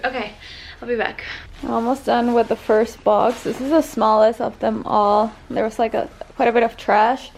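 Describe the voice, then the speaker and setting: A young woman with a drawl chats casually at home, gushing and peppering her talk with "like" and "y'all". Her fairly high voice carries a gravelly fry, with a faint hiss of noise behind it. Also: little pitch movement, normal speed. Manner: chatty, gushing, says "y'all" and "like" a lot. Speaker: home decor vlogger. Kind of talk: casual vlog chat. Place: at home indoors.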